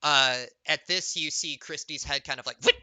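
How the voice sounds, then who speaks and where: Rambling game master, bright voice. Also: male voice, on the high side, normal speed, dry recording. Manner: loose, filler-heavy description. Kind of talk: narrating a tabletop game.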